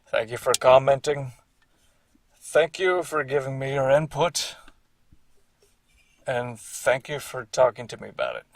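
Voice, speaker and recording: Slow gravelly man rambling casually. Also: medium pitch, no echo, distant mic. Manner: rambling, repeats himself, swears casually. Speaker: creator doing commentary on his own series. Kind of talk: casual commentary.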